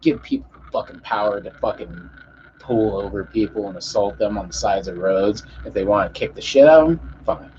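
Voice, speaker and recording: A young man on a podcast tells a story as a heated, profane rant, acting out the voices of the people involved. His voice is medium-pitched with a breathy edge, and the audio is muffled and lo-fi.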